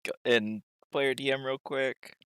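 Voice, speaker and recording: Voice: mid-range voice, fairly even intonation, a little slow, a bit bright, smooth. A dungeon master narrating a tabletop game, often laughing between lines.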